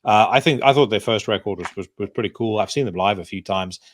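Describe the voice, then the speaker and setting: A man's voice: lowish voice, fast talker, no echo. A man hosting a podcast interview, chatting casually and at length, with frequent restarts and swearing. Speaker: podcast host.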